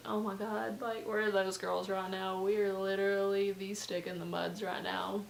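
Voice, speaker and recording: A young woman vlogs a casual storytime in a chatty, rambling way, full of "like" and little asides. Her voice sits mid-pitch. The room is echoey, with a faint hiss. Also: level tone, moderate pace, vocal fry, few pauses. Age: young adult. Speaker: vlogger.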